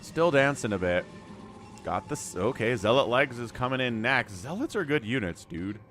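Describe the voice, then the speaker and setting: Excitable man casting a strategy game. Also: medium pitch, normal speed, soft background music. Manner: excitable, chatty, reads out viewer chat. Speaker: game caster. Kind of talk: livestream game commentary.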